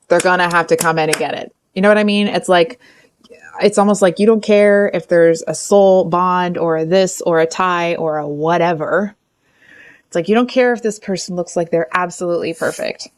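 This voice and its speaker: A woman giving a casual, frank tarot reading, chatty and animated, often breaking off to correct herself. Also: fairly low pitch, clean tone. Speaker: tarot reader.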